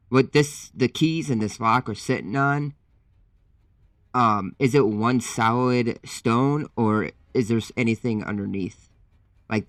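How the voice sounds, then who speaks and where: A low-voiced man playing a tabletop game, casually joking and asking hesitant, rambling questions. The sound is dry and close. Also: fairly bright tone, no echo. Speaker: player.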